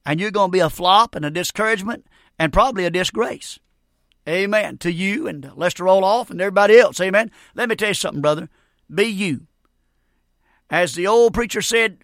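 A man's voice: sits high, brisk, fairly bright tone, no room sound, studio quality. A man in his sixties preaching a fervent radio sermon, often breaking in with "Amen".

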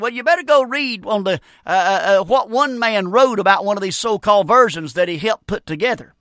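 A preacher delivers a fervent sermon in a high, bright, ringing voice. He repeats amens and stumbles through quick restarts. The sound is close and dry, with no room around it. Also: animated, no room sound. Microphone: broadcast radio mic.

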